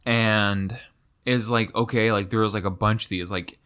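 A man's voice: fairly low pitch, steady tone, normal speed, a bit bright, smooth. Casual young man discussing a book. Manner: reads passages aloud expressively. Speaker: podcast co-host.

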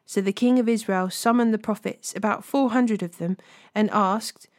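A woman hosting a daily Bible reading, reading scripture aloud in a measured way and gently voicing the quoted speakers. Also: medium pitch, fairly even intonation, no echo, clean studio sound.

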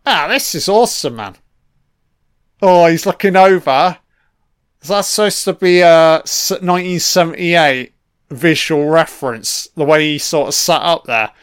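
A man's voice: on the high side, measured pace, smooth, no room sound, clean studio sound. A man giving a casual, blunt film commentary, swearing constantly and full of opinions.

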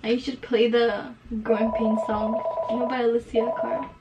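A woman's voice: fairly high pitch, level tone, normal speed, distant mic, lo-fi sound, heavy background noise. A young woman from Canada co-hosting a casual podcast chat, teasing her friend and laughing often. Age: young adult. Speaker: podcast co-host.

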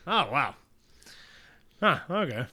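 A man co-hosting a casual podcast chat, excitable and quick to laugh, reading notes aloud between jokes. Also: a little high. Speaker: podcast co-host. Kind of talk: casual chat about a cartoon series.

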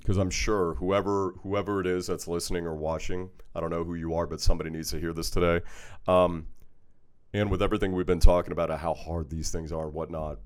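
A man hosting an interview, affirming his guest and asking questions with some hesitation and repeated words. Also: sits low. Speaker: host. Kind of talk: interview conversation.

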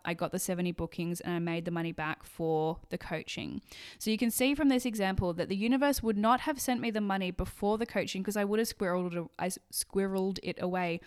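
Her voice fairly low and smooth, a woman delivers a casual solo podcast monologue. She swears a lot and says things bluntly, livening it up by acting out little quoted voices.

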